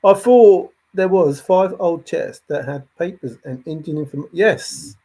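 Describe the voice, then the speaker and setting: A man's voice: a little high, a little slow, creaky, warm tone, husky. A man hosting a livestream, thinking aloud in a rambling way and answering chat comments as they come in. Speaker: livestream host.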